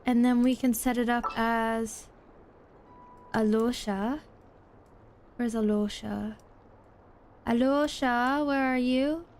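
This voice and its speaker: A young woman streaming a game, chatting excitedly to viewers and repeating herself when flustered. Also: on the high side, slow pace, long pauses, slight background noise. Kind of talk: casual gaming stream chat.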